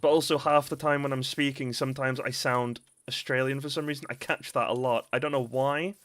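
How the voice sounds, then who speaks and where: A man's voice: mid-range voice, fairly even intonation, brisk, a bit bright. A young man with a Northern English accent, rambling and giggling through casual live-stream commentary on a game. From northern England. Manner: giggly, rambling, breaks into laughter.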